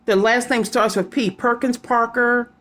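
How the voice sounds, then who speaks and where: A woman's voice: fairly high pitch, fairly even intonation, measured pace, a bit bright. Rambling psychic woman, casual reading. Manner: rambling, repeats names and letters aloud. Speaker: psychic reader. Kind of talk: casual tarot-style reading to viewers.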